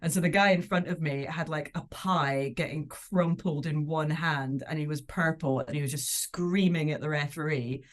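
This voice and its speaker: Scottish woman comic, thirties, low-pitched, brisk and playful anecdotes. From Scotland. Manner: lively storytelling, laughs often, puts on voices for quotes. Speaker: comedian guest. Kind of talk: casual podcast chat.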